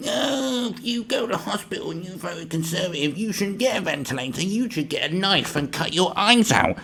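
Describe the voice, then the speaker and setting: A man's voice: sits high, expressive, moderate pace, vocal fry, pushed and bright, pitched above the performer's own voice, exaggerated voice. A man mocking a whiny online scold. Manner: mocking, preachy. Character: whiny sanctimonious social-media scold.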